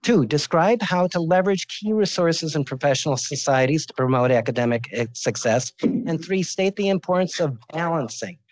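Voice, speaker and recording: A man's voice: a little high, animated, normal speed, no echo, low-quality recording. A man in his sixties giving a medical lecture as a visiting professor, informal and joking, telling stories from his career.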